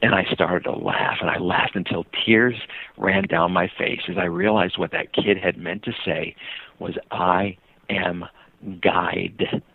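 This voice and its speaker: An American man, a guest on a podcast, telling a travel story in an animated way and acting out the voices of the people in it. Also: moderate pace, gravelly, breathy edge, no room sound. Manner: acts out quoted voices with big pitch jumps. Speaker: guest, touring cyclist and author. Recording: dry, tinny phone-line sound.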